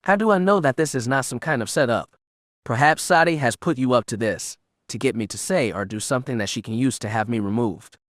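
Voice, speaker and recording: Man playing an arrogant magistrate, self-important, aggrieved, middle pitch, dry sound. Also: brisk, fairly bright tone, dry recording, lightly acted. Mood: wary. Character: arrogant, ambitious male provincial magistrate.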